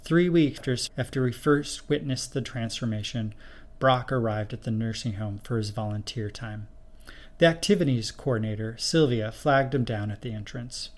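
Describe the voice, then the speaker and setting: A man narrating a spooky short story in a steady, measured reading voice. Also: mid-range voice.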